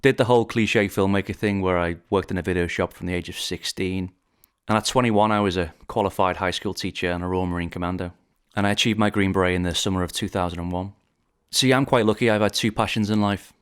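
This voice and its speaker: A man in his forties from Liverpool tells his story as a podcast host, in a very low, deep voice. He speaks in a measured, reflective way, with a polished radio delivery he calls posh. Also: fairly even intonation, clean tone. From Liverpool, England. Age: 40s. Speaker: documentary director and podcast host. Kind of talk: scripted podcast narration.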